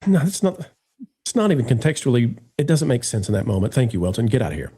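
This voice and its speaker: A man hosting a live stream in casual chat, animated and joking as he talks straight to his viewers. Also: medium pitch, fast talker, husky. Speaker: livestream host.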